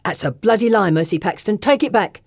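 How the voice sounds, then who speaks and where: A woman voicing a rough, devoted working-class teenage girl who speaks coarsely and fiercely. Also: medium pitch, expressive, brisk, a little mellow, dry recording, studio quality.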